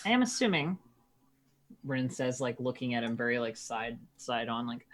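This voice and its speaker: A woman's voice: extremely low pitch, expressive, normal speed. A woman playing a tabletop game, hesitantly describing what her character does. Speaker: player.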